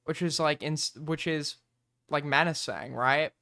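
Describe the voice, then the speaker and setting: A man's voice: fairly high pitch, unhurried, sharp tone. A man streaming, reacting to a video with blunt, profane, exasperated commentary.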